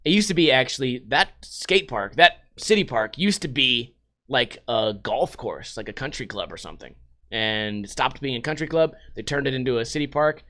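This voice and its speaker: A man comically reading and riffing on news articles, profane and animated with laughing asides. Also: mid-range voice, normal speed. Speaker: comedy commentator.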